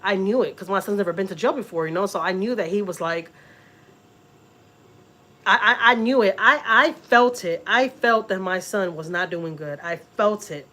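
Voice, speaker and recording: A woman's voice: mid-range voice, normal speed, bright, forceful tone. A middle-aged woman from Texas, telling a story in a casual, emotional way to her vlog viewers and repeating words as she goes. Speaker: family vlogger.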